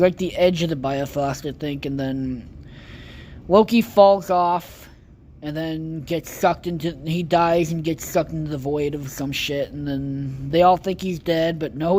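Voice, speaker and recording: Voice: medium pitch, darkish tone, a little hiss or hum. Rambling, foul-mouthed podcast host. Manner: rambling, heavy swearing and filler words. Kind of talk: casual rambling movie recap.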